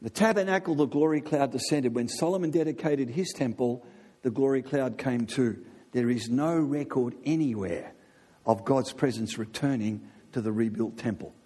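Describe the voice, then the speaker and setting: Husky-voiced preacher man in a reverberant hall. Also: mid-range voice, moderate pace. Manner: animated, keeps asking the audience "right?". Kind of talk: sermon. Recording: long reverb of a large hall.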